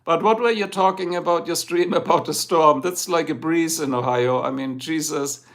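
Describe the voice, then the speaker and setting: Gravelly German-accented man chatting to viewers. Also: a little high, normal speed, fairly bright tone. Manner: rambling, talks straight to the chat. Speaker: livestream host. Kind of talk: casual livestream chat.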